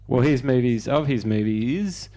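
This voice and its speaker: A man with an Australian accent, a podcast co-host chatting in a relaxed, hesitant way with frequent ums. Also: medium pitch, measured pace. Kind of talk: casual chat.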